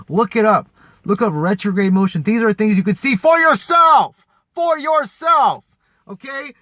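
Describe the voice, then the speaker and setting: A man's voice: high-pitched, sharp tone, dry recording. A man ranting angrily to camera, swearing, repeating himself and mocking the people he argues with. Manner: heated, profane, repetitive, mocking. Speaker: vlogger. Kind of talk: angry ranting monologue.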